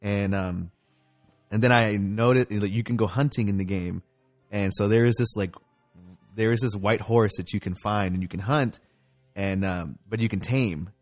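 A man's voice: fairly low pitch, moderate pace, faint music behind. A man in casual chat, telling stories animatedly and swearing freely. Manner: animated storytelling, heavy swearing.

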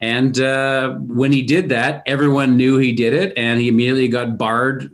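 A man's voice: medium pitch, level tone, normal speed. A man in a casual film discussion, animatedly retelling scenes, with many fillers and restarts.

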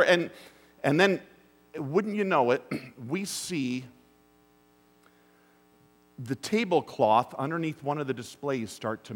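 A middle-aged man preaching a sermon, telling a story that drops to hushed asides and rises to urgent bursts. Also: fairly high pitch. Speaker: pastor. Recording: long hall reverb.

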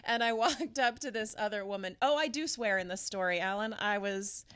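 A woman pastor chats on a podcast, telling a story in a casual way. She is animated and laughs often, and her pitch swings widely as she goes. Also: a little fast, clean tone.

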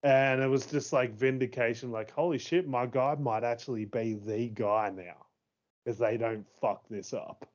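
Excitable swearing man on a dull recording. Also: mid-range voice, a little slow. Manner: excitable, swears freely, laughs often. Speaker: podcast co-host. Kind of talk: casual chat. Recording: dull lo-fi sound.

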